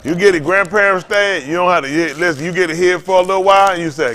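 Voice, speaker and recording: Speaking fast, an older pastor with a voice on the higher side preaches loosely and conversationally, weaving in storytelling. He's animated and folksy, uses Southern Black church vernacular, and keeps circling back to repeat himself.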